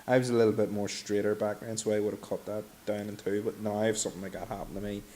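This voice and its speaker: Low-voiced man chatting. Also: quick pace. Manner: relaxed, reflective storyteller. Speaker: podcast guest. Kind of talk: casual chat. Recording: faint hiss.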